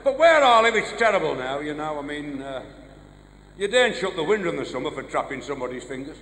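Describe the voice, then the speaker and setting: A man with a Black Country accent works through a stand-up set of one-liners and quick gag stories. His voice sits high and bright and moves around a lot. The sound carries a long hall reverb with faint noise underneath. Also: sing-song. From English West Midlands. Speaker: stand-up comedian. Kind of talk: live stand-up routine. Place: large live venue.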